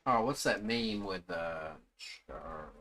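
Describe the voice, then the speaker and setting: A man's voice: low voice, animated, slow pace, fairly bright tone. A man streaming live, reacting to video clips with profane, blurted comments.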